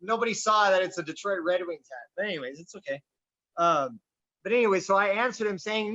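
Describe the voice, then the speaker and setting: A man hosting a casual political chat, talking in a boisterous, loud and animated way. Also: high voice, brisk. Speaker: podcast host. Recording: dull lo-fi recording.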